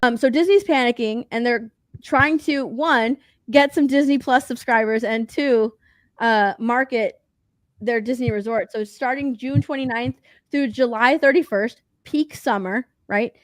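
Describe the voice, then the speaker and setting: Woman podcast co-host, bubbly and chatty, a touch high, dry mic. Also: measured pace, no room sound. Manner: chatty, excitable, many fillers. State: hiccups. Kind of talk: casual chat.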